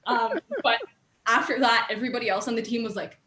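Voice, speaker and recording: A woman's voice: fairly high pitch, steady tone, fast talker, very noisy. A young woman telling stories from her student robotics team in a casual chat, with lots of fillers and laughter. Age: young adult. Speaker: guest. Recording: echoey room.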